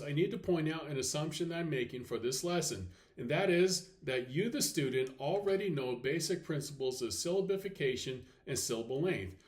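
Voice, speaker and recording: A man teaching a recorded slide lesson, explaining step by step, checking in with "okay" and saying example words slowly and deliberately. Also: fairly high pitch, a little mellow. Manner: clear step-by-step explaining with frequent okays. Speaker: Latin teacher.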